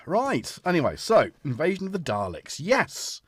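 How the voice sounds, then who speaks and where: A man's voice: mid-range voice, huge pitch swings, normal speed, hardly any pauses, slight background noise. A man hosting a livestream, chatting in a rambling way that trails off mid-thought. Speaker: livestream host. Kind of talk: casual livestream chat. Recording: synth music playing underneath.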